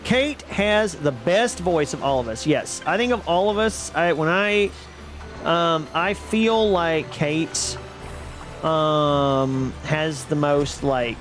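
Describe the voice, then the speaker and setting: A man's voice: a little high, takes it slowly, a bit bright. A man live-streaming a game, chatting casually with viewers in a rambling, self-deprecating way and laughing often. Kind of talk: casual live-stream chat while gaming. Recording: background music under the voice. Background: music playing.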